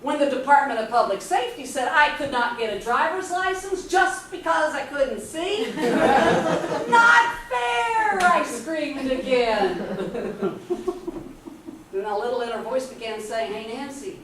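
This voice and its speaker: A woman in her fifties giving an inspirational speech, telling her story with dramatic pauses. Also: high voice. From Texas, USA. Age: 50s. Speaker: motivational speaker. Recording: echoey hall from far off, faint noise.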